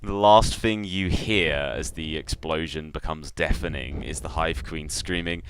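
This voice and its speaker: A man's voice: extremely low pitch, steady tone, measured pace, a little hiss or hum. A man narrating a live tabletop game as game master, rambling loosely with fillers.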